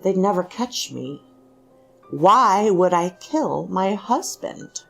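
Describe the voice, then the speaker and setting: Anxious self-scolding housewife as a woman reads her, lively swooping pitch, slow, gravelly edge, faint music behind. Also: full character voice. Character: anxious housewife, middle-aged, inwardly frantic.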